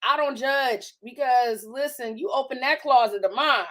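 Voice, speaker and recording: A woman in her forties hosting a faith conversation, emotional and testifying with emphatic warmth. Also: sits high, moderate pace. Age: 40s. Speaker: podcast host.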